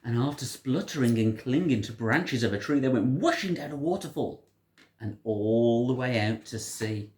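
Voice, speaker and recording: A storyteller reading a picture book aloud to a child in an animated, sing-song way. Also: medium pitch, normal speed. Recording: roomy echo.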